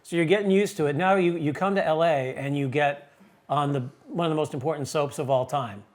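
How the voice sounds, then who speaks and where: Chatty podcast host guy, kinda high voice, cracks jokes and interrupts. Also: fairly quick. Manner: animated, jokey, cuts in. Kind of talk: casual interview chat.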